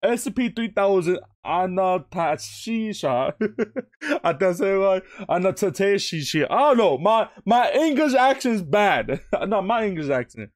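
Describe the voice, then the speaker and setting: A man's voice: high-pitched, very animated, moderate pace, no room sound, studio quality. A young man chatting casually as he reacts to a video, rambling, laughing often and restarting his sentences. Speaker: YouTube reactor.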